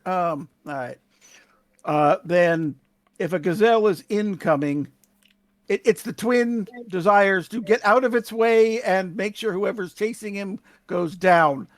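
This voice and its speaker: High-voiced man playing a tabletop game. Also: unhurried, no echo. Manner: hesitant, with many ums. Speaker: player. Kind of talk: casual tabletop play.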